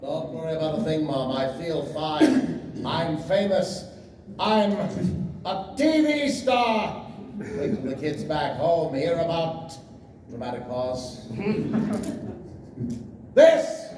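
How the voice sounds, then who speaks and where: A man's voice: a little high, animated, takes it slowly, a crowd in the background. A man playing a TV-obsessed boy who performs as a pompous male robot actor, grandiose and self-adoring, in a live comedic script reading. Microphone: phone in the audience. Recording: echoey hall, phone from far off.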